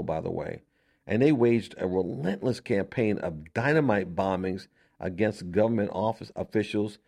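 A man's voice: lowish voice, warm tone. A man hosting a radio show, explaining history to listeners in an emphatic, conversational way, asking rhetorical questions and often repeating himself. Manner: repeats words and restarts often. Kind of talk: conversational history lecture on air.

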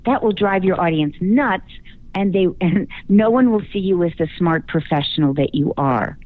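Woman guest, speaking coach, lowish voice on a phone line, confident and emphatic. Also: moderate pace. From Chicago, US. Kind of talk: radio interview.

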